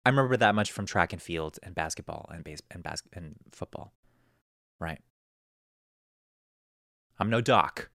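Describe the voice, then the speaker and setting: Young male podcast host, low and animated, storyteller who slips into quoted voices, dry close sound. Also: a little slow, vocal fry, long pauses, no room sound. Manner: rambling, animated, acts out quotes in a raised voice. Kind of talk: casual storytelling.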